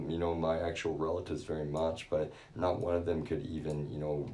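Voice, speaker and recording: A man's voice: sits low, darkish tone, far from the mic. A man ranting on a live stream, agitated and profane, speaking straight to his viewers. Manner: agitated, profane, keeps addressing viewers as y'all.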